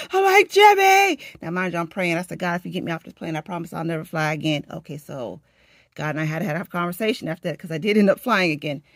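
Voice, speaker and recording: A woman vlogger chatting casually as she gets ready for work at home, telling a story in an animated, dramatic way with laughs. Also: deep voice, very fast, no room sound, clean studio sound.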